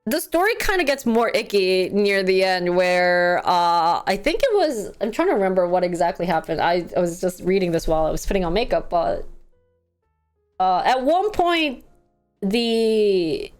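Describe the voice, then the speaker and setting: A woman vlogger telling a story in casual commentary, chatty and animated, acting out quotes with laughs and fillers. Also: mid-range voice, clear, resonant tone.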